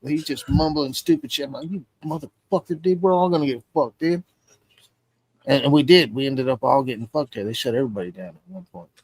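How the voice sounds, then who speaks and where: A man's voice: mid-range voice, expressive, fairly quick, a little mellow, slightly rough, no room sound. A man hosting a stream, telling a long, rambling story in casual, profane chat and acting out the voices of the people in it. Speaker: stream host.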